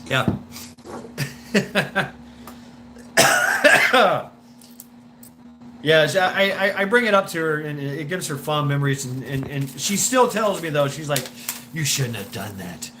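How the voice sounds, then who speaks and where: A man's voice: fairly high pitch, slow, long pauses, background noise. A man hosting a live stream, telling a story in a rambling way with swearing, laughs and many restarts.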